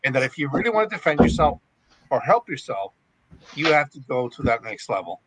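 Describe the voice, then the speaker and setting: Brief: man, mid pitch, bright forceful tone, dry close sound, emphatic martial arts trainer, repeats for weight. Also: sing-song, a little fast, no echo, rough recording. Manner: emphatic, repeats himself for stress. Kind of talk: casual podcast chat.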